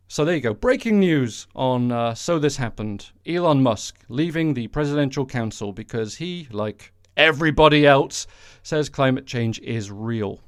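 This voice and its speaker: A man's voice: mid-range voice, normal speed, no echo, studio quality. A man hosting a solo podcast, ranting casually with sarcastic, sweary, rambling asides. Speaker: podcast host. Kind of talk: casual solo political rant.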